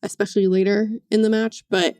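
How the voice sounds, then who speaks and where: A woman sports reporter co-hosting a podcast, talking casually in a halting way with many "um"s. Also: medium pitch, flat delivery, darkish tone, clean tone, no room sound. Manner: halting, many "um"s, uneven pace.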